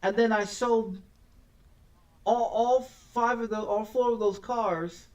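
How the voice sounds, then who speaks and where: Male game streamer, high voice, slow unhurried delivery, cusses constantly, stumbles and repeats himself, set back from the mic. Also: steady tone, a little mellow, distant mic, dull audio. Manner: profane, ranting, stammers and repeats words. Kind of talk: casual gameplay commentary.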